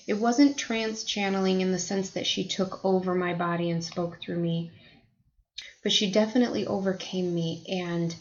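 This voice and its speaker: A woman's voice: medium pitch, dull audio. An American woman telling a personal spiritual story to camera in a chatty, reflective way. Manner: chatty, reflective, many fillers. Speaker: spiritual vlogger.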